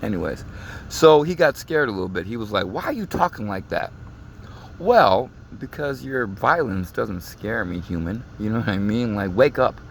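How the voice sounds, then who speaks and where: A man's voice: on the low side, normal speed, creaky, a little hiss or hum. A man talking in a casual monologue, ranting with emphasis and lots of swearing, from inside a car. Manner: animated, emphatic, profane ranting.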